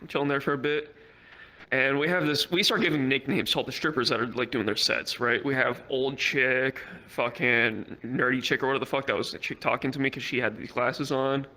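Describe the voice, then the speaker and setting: A man's voice: medium pitch, steady tone, a little fast, bright, forceful tone, rough recording. A young man doing stand-up at a virtual comedy club, telling a rambling, profane story full of fillers.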